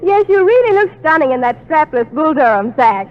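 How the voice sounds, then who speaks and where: Brief: a woman trading sugary catty barbs, high and lively, 1940s radio sound, dull and hissy. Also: brisk, a loud crowd. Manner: sweet, catty, mock-polite.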